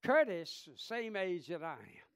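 Male pastor in his thirties, sermon delivery that swings from loud to hushed, high lively voice, unhurried pace. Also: smooth, no room sound. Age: 30s. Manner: impassioned, swings from shouting to hushed storytelling.

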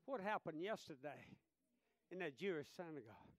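A man preaching a sermon with passion, dropping to a hush and then rising loud, and reading scripture aloud in old wording. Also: high voice, sing-song, slow pace, no echo. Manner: impassioned, swinging from hushed to loud; reads scripture aloud in King James wording.

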